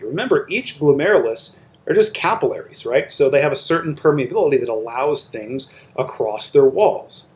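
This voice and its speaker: A man's voice: on the high side, darkish tone. A man giving a recorded lecture over slides, explaining step by step and checking in with "right?" and "okay?".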